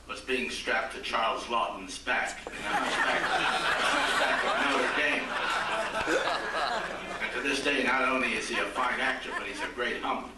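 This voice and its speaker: An older man from Ohio tells stand-up jokes at a banquet with a dry, punchline-driven delivery. His voice is caught from a distance in a big, echoing hall. There is noticeable noise throughout. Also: mid-range voice. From Akron, Ohio. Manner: dry joke-telling with quoted voices. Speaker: comedian at a roast dinner. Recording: echoey banquet hall from far off, noisy.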